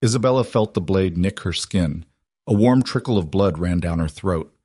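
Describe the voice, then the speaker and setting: Low-voiced male audiobook narrator, dry sound. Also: moderate pace, dark tone, breathy edge, no echo.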